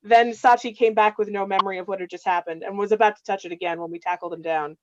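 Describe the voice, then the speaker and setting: Woman, casual livestream chat, filler-heavy storytelling, mid-pitched, a bit dull on the highs. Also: fairly even intonation, fast. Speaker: game master staff member.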